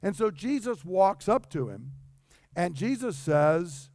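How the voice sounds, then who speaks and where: A man's voice: sits high, lively intonation, moderate pace, a little mellow, no echo, clean studio sound. A man preaching a sermon in a conversational way, acting out the dialogue he quotes. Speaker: pastor.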